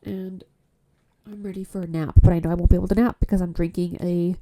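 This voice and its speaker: A woman's voice: fairly low pitch, steady tone, fast, dark tone. A Canadian woman hosting a casual solo podcast on her phone, tired and stuffy-nosed, rambling frankly and swearing often. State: stuffy nose. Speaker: podcast host. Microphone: phone mic.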